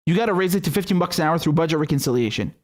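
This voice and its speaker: With an expressive, rapid-fire delivery, a male host speaks directly to viewers in an angry political rant full of mockery, sarcasm and profanity. His voice sits fairly high for a man.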